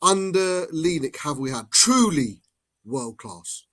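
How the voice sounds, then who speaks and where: A man's voice: a little high, slow, dry recording. Laid-back man chatting football. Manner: relaxed, swears casually. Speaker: co-host of a fan show. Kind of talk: casual chat.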